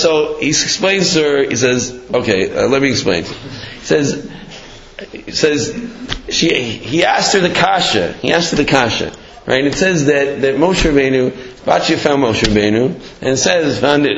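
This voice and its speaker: A man's voice: a little high, fairly bright tone, a little hiss or hum. A man giving a casual, storytelling Torah talk, sprinkling in Hebrew and Yiddish terms with many fillers. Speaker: Torah teacher. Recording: echoey dull lo-fi room.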